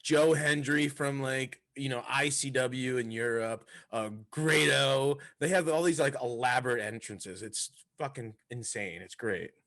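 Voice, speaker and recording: A man co-hosting a casual podcast, an excitable storyteller who swears freely. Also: mid-range voice, measured pace, few pauses. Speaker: podcast co-host.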